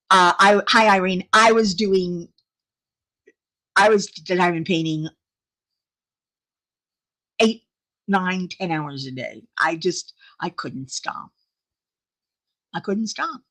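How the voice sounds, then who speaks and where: A woman chats casually with her livestream viewers, answering their comments one by one. She talks slowly, with a lively voice that swings up and down, and laughs often. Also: lowish voice. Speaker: livestream host.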